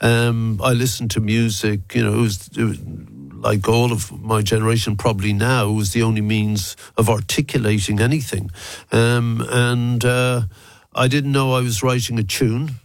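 A man's voice: medium pitch, flat delivery, moderate pace, no room sound. An older Irish man with a South Dublin accent, a musician answering interview questions in a rambling, reflective way with many restarts. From Ireland. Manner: gravelly, rambling with restarts and fillers. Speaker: musician guest.

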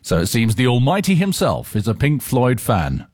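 Male rock station presenter, chatty studio delivery, animated and expressive pitch. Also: moderate pace, dry recording. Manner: chatty, animated, reads messages aloud with asides. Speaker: radio DJ. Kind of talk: rock radio presenting, reading listener messages. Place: radio studio. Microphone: studio microphone.

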